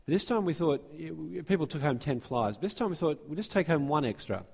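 A man's voice: a little high, expressive, fairly quick, creaky, a little mellow, husky. A man preaching a sermon and giving church announcements as pastor, speaking earnestly and often restarting his phrases. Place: church sanctuary. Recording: long hall reverb from a church.

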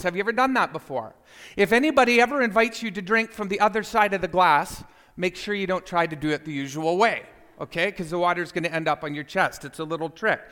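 A man telling a personal story to listeners, animated and speaking to them directly. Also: high-pitched, brisk, big-room sound. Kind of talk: storytelling talk.

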